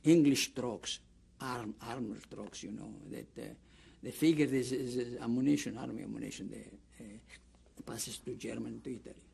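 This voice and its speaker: Gravelly old Greek-accented man telling stories. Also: mid-range voice, steady tone, normal speed, dark tone, slight background noise. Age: older. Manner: rambling storytelling with many restarts, acts out quoted dialogue. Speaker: interviewee, camp survivor. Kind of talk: oral history testimony.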